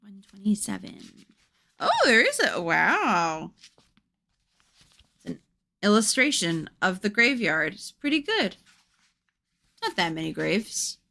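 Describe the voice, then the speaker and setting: A woman's voice: medium pitch, very animated, slow pace, gravelly, pauses often, bright, forceful tone. Wry woman streamer reading aloud. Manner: chatty, wry asides. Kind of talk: reading a gamebook aloud with commentary.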